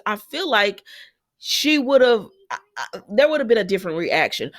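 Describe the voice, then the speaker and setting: A woman vlogger casually recapping a soap opera episode, acting out the characters' lines and talking back to them. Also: fairly high pitch. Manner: chatty, animated, acts out characters' lines, talks back to them.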